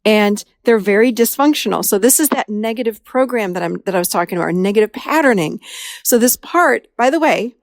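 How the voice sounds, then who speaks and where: A woman's voice: medium pitch, brisk, no room sound, studio quality. A woman therapist hosting a podcast, telling a client's story casually and acting out the dialogue in a raised voice. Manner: animated, acts out dialogue in a raised voice.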